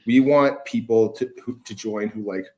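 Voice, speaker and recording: Male host, lowish voice, loose and profane, casual chat. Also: normal speed, darkish tone. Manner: loose, profane, lots of fillers. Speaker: host giving feedback. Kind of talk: casual conversation.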